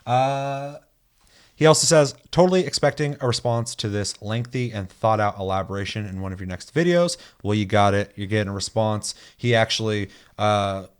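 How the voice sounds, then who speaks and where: A man's voice: on the low side, moderate pace, smooth. A young man hosting a gaming podcast in casual chat, reading listener comments aloud and telling stories with plenty of swearing. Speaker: podcast host.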